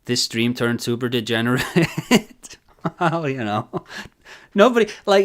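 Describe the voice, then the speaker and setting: A man's voice: medium pitch, sing-song, unhurried, long pauses. A man with a nasal voice streaming a live reaction, chatting casually in a rambling, giggly, self-deprecating way.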